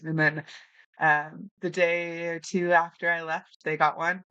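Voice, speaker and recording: Bright-voiced woman telling a story. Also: on the low side, unhurried, clear, resonant tone, dry recording, dull audio. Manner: animated storyteller, acts out quotes, laughs often. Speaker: podcast guest, new hunter. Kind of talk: casual storytelling interview.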